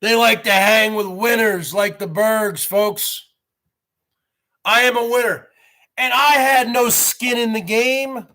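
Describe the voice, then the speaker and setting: A man's voice: sits high, steady tone, slow pace, bright, forceful tone. A boastful man from New Jersey hosting a rambling live stream, calling the audience "folks" and greeting viewers by name. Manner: boastful, repeats "folks" and "bottom line".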